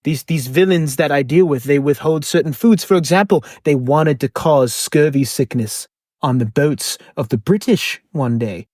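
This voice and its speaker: A man's voice: fairly high pitch, moderate pace, a little mellow, no echo, studio quality, lightly acted. A man playing an eccentric male interdimensional superhero, talking flamboyantly with accents that shift and slip. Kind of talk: improvised comedy podcast.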